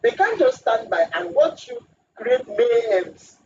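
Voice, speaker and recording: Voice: mid-range voice, sing-song, unhurried, mellow. A speaker on a radio talk show, firm and lecturing. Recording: distant muffled radio studio with hiss.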